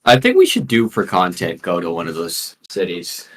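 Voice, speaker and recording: A man co-hosting a podcast in casual chat, asking quick questions and joking. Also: low-pitched, huge pitch swings, fairly bright tone. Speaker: podcast co-host.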